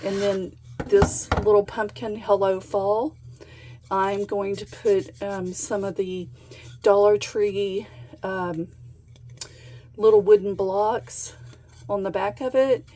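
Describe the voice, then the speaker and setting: A woman hosting a craft channel, chatting casually and gushing with excitement as she unboxes a package. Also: mid-range voice, slow, a little hiss or hum, rough recording. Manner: gushing, excited, gasps and laughs often.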